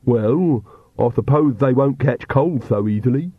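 A man's voice: mid-range voice, a little slow, husky, dry recording, phone-quality sound. A man voicing an eager male servant who answers in an earnest, matter-of-fact way.

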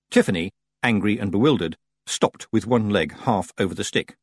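A man narrating a storybook aloud in an expressive storytelling manner. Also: lowish voice, moderate pace, breathy edge, dry recording, clean studio sound. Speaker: audiobook narrator. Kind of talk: scripted narration.

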